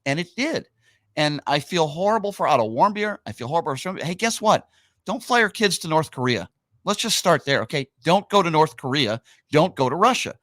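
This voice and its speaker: A man's voice: on the high side, very animated, brisk, a bit bright, dry recording. A man hosting a talk radio show, speaking emphatically and opinionatedly in casual banter, repeating his points.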